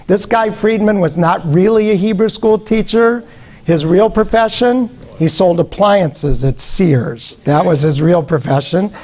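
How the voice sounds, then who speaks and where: An older man from Omaha, Nebraska, USA, gives a humorous storytelling lecture as a guest speaker, joking and quizzing his audience. His voice sits high and sounds a little mellow.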